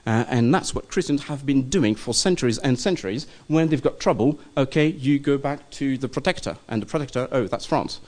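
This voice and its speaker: A man leads a Bible study class at a middle pitch, talking loosely and off the cuff. He hesitates often, filling gaps with ums and a questioning "okay?" as he explains the text to his listeners. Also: fairly quick, hardly any pauses, a little mellow. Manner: hesitant, many ums and checking okays. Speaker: teacher of a church study group. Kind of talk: informal classroom lecture.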